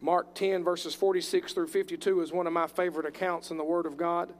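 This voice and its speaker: A man's voice: sits high, flat delivery, fairly quick. A man preaching a sermon with passion, acting out voices from scripture as he tells the stories. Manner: impassioned, acts out bible voices.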